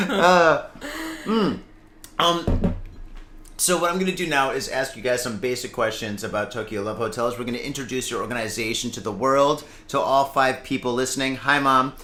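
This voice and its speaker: A man's voice: medium pitch, a little slow, noisy background. A man from Michigan hosting a podcast, chatting casually and joking at his own expense, often laughing. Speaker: podcast host. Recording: roomy echo.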